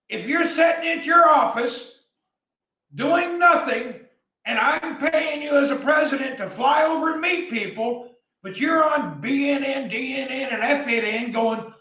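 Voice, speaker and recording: A man from the American South with a Southern accent, delivering a blunt, heated opinion rant as a vlogger and often shouting. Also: very high-pitched, measured pace, roomy sound, far from the mic, rough recording.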